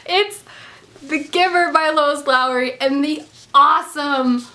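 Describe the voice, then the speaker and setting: A woman's voice: high-pitched, takes it slowly, sharp tone. A young woman book vlogger unboxing at home, gushing and giggly, tripping over her words as she talks to the camera mic. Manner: gushing, breathless and giggly, stumbling over names. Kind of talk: excited unboxing vlog. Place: home, indoors.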